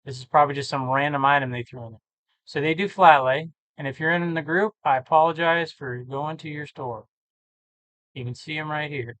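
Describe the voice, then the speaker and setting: A tired man who talks casually and thinks out loud, rambling and correcting himself as he works through reseller listings. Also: on the high side, fairly quick, no room sound. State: tired, yawning. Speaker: eBay reseller vlogger. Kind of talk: casual screen-share commentary.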